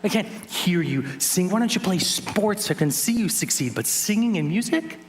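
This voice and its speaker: A man's voice: high voice, lively intonation, normal speed, slight background noise, pitched above the performer's own voice. A man doing a blunt worried mother. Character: worried deaf mother scolding her son.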